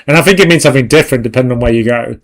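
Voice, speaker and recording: A man's voice: mid-range voice, racing. A young man hosting a livestream, chatting casually with viewers in a rambling way and laughing often. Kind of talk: casual chat.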